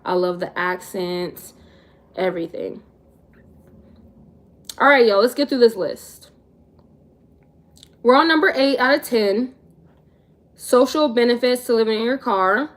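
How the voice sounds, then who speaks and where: A woman's voice: on the high side, lively intonation, unhurried, pauses often. A young woman in her twenties chatting casually on a livestream, answering viewers in a laid-back, slangy way. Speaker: vlogger answering live chat.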